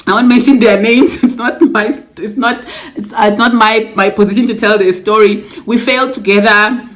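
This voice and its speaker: A woman's voice: a little high, steady tone, moderate pace. A young woman from Africa, telling her own story to camera in a casual vlog. She talks to viewers as guys and drops exclamations like yay and yo. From South Africa. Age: young adult. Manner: emotional, close to tears at times. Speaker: vlogger.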